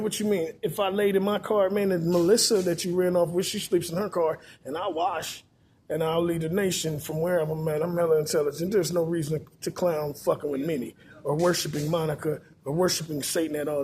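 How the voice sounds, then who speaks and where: A man's voice: fairly high pitch, darkish tone, slight background noise. A man, delivering a rambling, profane, preachy monologue full of repetition.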